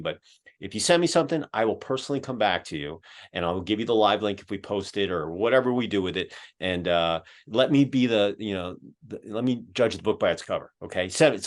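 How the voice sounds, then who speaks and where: A man from Philadelphia with a Philadelphia accent, hosting a podcast and talking casually over a video call, rambling with plenty of fillers. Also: on the low side. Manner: rambling, filler-heavy, folksy. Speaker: podcast host. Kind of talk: casual closing remarks. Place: home in Georgia, on a video call.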